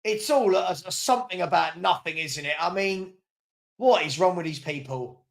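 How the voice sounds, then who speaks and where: A man's voice: high-pitched, normal speed, creaky. A man hosting a live football watchalong, reacting to the match and answering viewers' chat with frequent chuckles. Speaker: host of a football fan watchalong.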